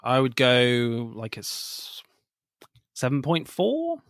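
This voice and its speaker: A man in casual podcast chat, quick to laugh and joke. His mid-pitched voice sits on a dry close mic with no room sound. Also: huge pitch swings, a bit bright, no room sound. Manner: jokey, quick to giggle. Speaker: podcast co-host.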